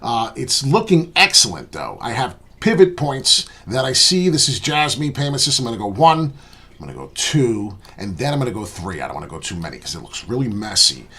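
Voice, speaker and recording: A man hosting a crypto trading channel, giving casual chart commentary in a boastful, rambling, animated way. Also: mid-range voice, brisk, slightly rough.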